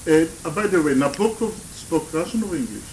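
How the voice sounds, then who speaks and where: A man interviewing, asking halting questions with frequent stammers and restarts. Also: fairly high pitch, animated, darkish tone, a little hiss or hum, low-quality recording. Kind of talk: recorded conversational interview.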